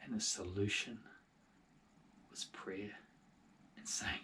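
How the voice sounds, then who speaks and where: A man telling a Bible story to children, lively with soft whispered asides. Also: on the low side, slow, pauses often, recorded from a distance.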